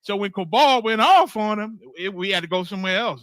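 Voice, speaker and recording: A man teaches a scripture class like a sermon: blunt, emphatic, swearing freely, repeating phrases for emphasis, and constantly asking "you understand?". His high, expressive, somewhat bright voice moves briskly, with no echo.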